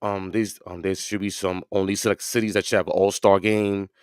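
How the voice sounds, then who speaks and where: Here a podcast co-host rambles through easygoing sports talk, heavy on fillers and restarts. He has a deep, fairly flat voice, talks fairly quickly, and sounds darkish, clear and resonant in echo-free studio audio.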